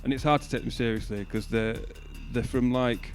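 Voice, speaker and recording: A man's voice: mid-range voice, fairly even intonation, brisk. A man co-hosting a casual music show, swearing, laughing and giving blunt opinions. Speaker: podcast co-host. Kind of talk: casual chat about music.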